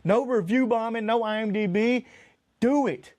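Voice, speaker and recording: A man's voice: extremely high pitch, normal speed, a little mellow, no echo. A man co-hosting a podcast, ranting in mock exasperation and counting off his points in a casual chat. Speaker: podcast co-host.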